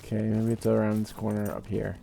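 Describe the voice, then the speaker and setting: A man casually commenting on his own game play as a let's-play host, relaxed and rambling. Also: fairly low pitch, brisk, gravelly, slight background noise. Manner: relaxed, rambling, with many fillers. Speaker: gaming video host.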